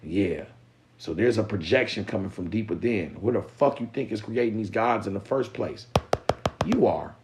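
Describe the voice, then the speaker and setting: Man, low-pitched, streaming a profane, preachy lecture with lots of energy. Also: moderate pace, a little mellow, slight background noise, poor audio. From Mississippi Delta. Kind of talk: casual live-stream monologue.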